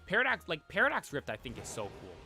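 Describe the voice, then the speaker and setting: A man's voice: on the high side, huge pitch swings, quick pace, gravelly, pushed and bright, soft background music. A man chatting casually on a live stream, rambling and talking straight to his chat. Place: cold room at home.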